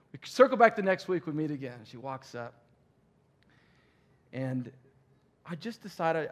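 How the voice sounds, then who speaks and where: A man preaching a sermon as pastor, telling a story with animated delivery and acted-out dialogue. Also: medium pitch, brisk.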